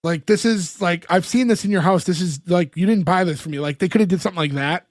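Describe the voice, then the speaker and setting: A man with a high voice talks through a sitcom episode on a podcast, slipping into the characters' lines as he retells each scene. The sound is dry and close, with no room around it. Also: dry recording. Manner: recounts scenes with quick acted-out quotes. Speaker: podcast co-host. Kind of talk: casual chat recapping a sitcom episode.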